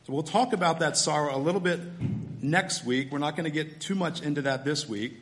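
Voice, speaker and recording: A man preaching a sermon, teaching through a scripture passage step by step in a relaxed, conversational way. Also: on the high side, fairly quick. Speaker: pastor.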